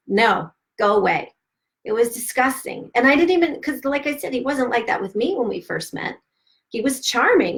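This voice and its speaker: A middle-aged woman hosting a live stream, candidly telling a painful personal story with emphatic, swearing, animated delivery and quoted dialogue. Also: medium pitch. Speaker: host of a self-help live stream.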